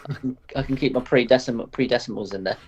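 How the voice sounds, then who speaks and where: A man chimes in with short, easygoing replies from away from the mic. His voice sits at a middling pitch. The sound is dull and muffled. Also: fast, breathy edge. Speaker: friend in the room. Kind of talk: casual chat.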